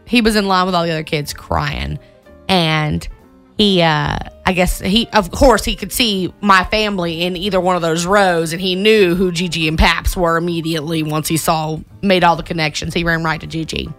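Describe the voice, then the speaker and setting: Animated storytelling woman, bright voice. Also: lowish voice, moderate pace, soft background music. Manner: animated storytelling with acted quotes. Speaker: co-host. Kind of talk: casual chat.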